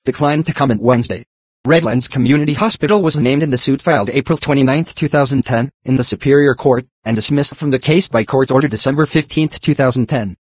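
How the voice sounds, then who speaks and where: A computer-generated male voice reading text aloud in an even, mechanical way, speaking symbols and punctuation as words. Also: mid-range voice, slightly rough, dry recording. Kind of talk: synthetic text-to-speech reading.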